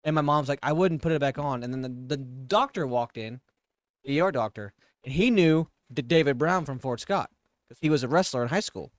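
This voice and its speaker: A podcast co-host with a mid-range voice, speaking a little fast on a dry recording, casually recounts a hospital stay. He's blunt and profane, laughing along as he chats.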